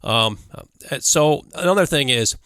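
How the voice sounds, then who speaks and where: An audio engineering instructor teaches live sound basics in a casual, hands-on home studio tutorial, talking loosely with plenty of fillers and little laughs. His voice runs on the high side, expressive and bright, forceful yet clear and resonant, at a measured pace. He records dry on a studio condenser mic routed through a mixer.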